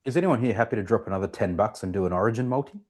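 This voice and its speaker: A man in casual podcast banter, joking deadpan. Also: on the low side, racing.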